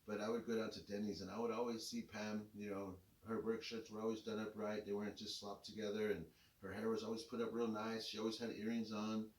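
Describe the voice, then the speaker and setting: A middle-aged man telling a rambling personal story in a relaxed, casual way. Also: lowish voice, fairly quick, distant mic. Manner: laid-back, rambling with many fillers. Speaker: co-host telling his story. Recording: echoey room, voice a bit off-mic.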